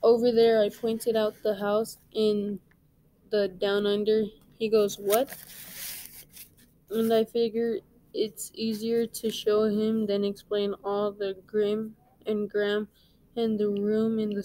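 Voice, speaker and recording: A woman, a reading teacher, reading a novel aloud in a plain, unhurried way with small slips. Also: medium pitch, dark tone, no room sound, low-quality recording.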